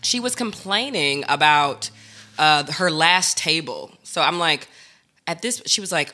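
Bright animated woman chatting on a podcast with her partner, does little voices for quotes. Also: low-pitched, a little slow. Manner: animated, acts out quotes, laughs often. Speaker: podcast co-host. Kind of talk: casual banter with partner.

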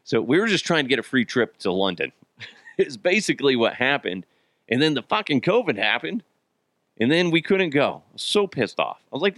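A man's voice: mid-range voice, big pitch swings, moderate pace, fairly bright tone, no room sound. A man hosting a casual solo podcast, rambling and joking at his own expense, swearing freely and laughing often while he's a bit sick. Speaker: podcast host.

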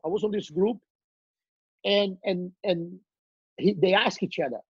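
A middle-aged man with a Brazilian Portuguese accent tells animated stories, stumbling over and repeating words as he goes. His voice is husky and a little muffled. The recording is close and dry. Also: sits high, unhurried, no room sound. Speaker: guest. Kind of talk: casual storytelling.

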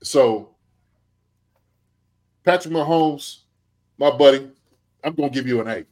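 A man who played tight end, giving animated sports analysis, full of rhetorical "okay?" and "right?" check-ins. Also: mid-range voice, a little slow. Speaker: podcast co-host, former tight end.

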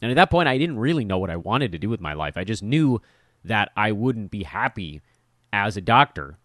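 A middle-aged man from Los Angeles hosting a casual solo podcast, telling stories in a self-deprecating, animated way. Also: lowish voice, no room sound, clean studio sound. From Los Angeles, USA. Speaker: podcast host.

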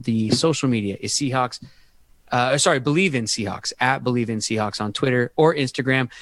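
A man's voice: medium pitch, fairly bright tone. A man hosting a sports podcast, chatting casually and rambling with restarts. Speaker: podcast host.

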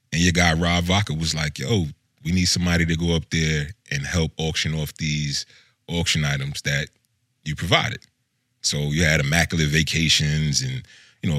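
A man co-hosting a casual chat, laid-back and animated, full of slang. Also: low-pitched, no echo, clean studio sound. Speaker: co-host.

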